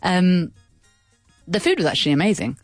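A woman's voice: fairly low pitch, sing-song, normal speed, dry recording, faint music behind. A woman radio host chatting casually, telling a long rambling story full of fillers and asides. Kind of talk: casual chat. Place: radio studio.

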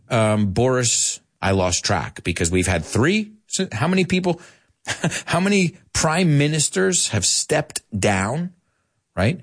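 An American man teaching English in a live online lesson, chatty and animated, dropping in Spanish asides. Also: fairly low pitch.

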